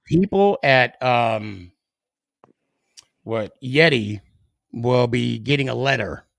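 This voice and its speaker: Gravelly-voiced man hosting, dry sound. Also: medium pitch, slow pace, a bit bright, dry recording. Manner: joking, teasing. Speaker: podcast host. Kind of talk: casual chat.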